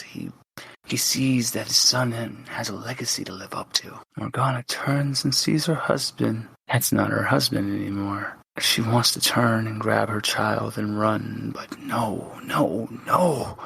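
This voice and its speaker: A man's voice: on the low side, creaky, sharp tone, husky. A man narrating a tabletop game as game master, speaking dramatically to the player and often dropping to a whisper.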